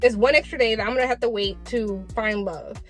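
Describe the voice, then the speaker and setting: A woman's voice: a little high, brisk, soft background music. A woman vlogger giving blunt, exasperated tough-love commentary to camera, swearing freely.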